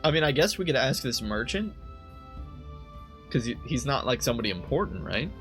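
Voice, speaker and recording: At a desk microphone, a young let's play host gives loose, rambling commentary while gaming, second-guessing himself out loud and laughing easily. His mid-range voice is sing-song and a bit bright, moving a little fast. Soft music plays behind him.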